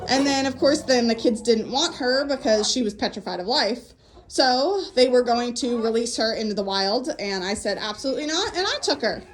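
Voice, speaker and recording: A woman's voice: animated, moderate pace. A young woman giving a casual walking tour of her farm, chatty and upbeat, a little out of breath, filmed on a handheld phone. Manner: chatty, upbeat, calls animals in a high voice. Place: outdoors on a farm and in a barn. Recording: faint outdoor background noise.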